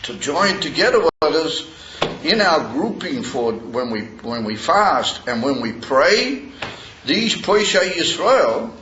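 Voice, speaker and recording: A man teaching a Torah class in a halting way, with many pauses and fillers, reading Hebrew verses slowly. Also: on the high side, very animated, sharp tone, slight background noise. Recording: roomy dull lo-fi recording.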